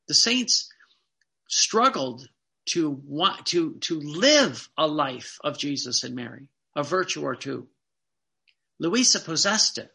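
Guy preaching a devotional talk, kinda high voice, really bright, some gravel in it, repeats stuff for emphasis. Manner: fervent, emphatic, with repetitions. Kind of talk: devotional sermon.

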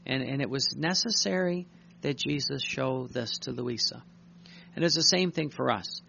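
A man's voice: medium pitch, vocal fry, pushed and bright, dull audio, slight background noise. A male priest giving a sermon, reading a devotional text aloud and commenting on it in an earnest, repetitive way. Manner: earnest, repeats words, reads aloud slowly then tells stories.

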